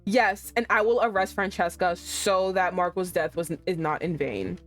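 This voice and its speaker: A woman's voice: lowish voice, moderate pace, faint music behind, lightly acted. A woman voicing a stern young male police officer in a visual novel, reading his lines curtly.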